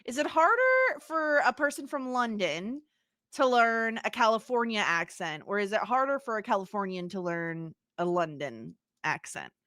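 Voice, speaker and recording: A woman's voice: fairly high pitch, very animated, moderate pace, pushed and bright, no room sound, studio quality. A woman co-hosting a podcast, chatting about a film in a chatty, giggly way with sarcastic asides. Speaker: podcast co-host. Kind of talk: casual film discussion.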